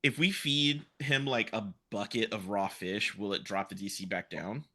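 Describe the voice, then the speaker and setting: Man, tabletop player, very bright tone, casual joking chat. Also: on the low side, fairly even intonation, normal speed. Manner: joking, laughing.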